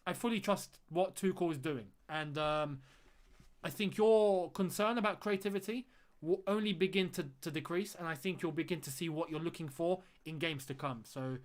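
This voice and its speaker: High-voiced man chatting on a live stream. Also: normal speed. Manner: chatty, thanks viewers and reads out their comments; repeats phrases for emphasis. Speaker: fan channel host. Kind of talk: live-stream watchalong chat.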